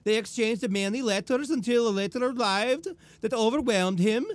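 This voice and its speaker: A man's voice: very high-pitched, normal speed, dry recording. Jokey co-host man, dry sound. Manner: jokey, chiming in with crude quips. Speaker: podcast co-host. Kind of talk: casual true-crime chat.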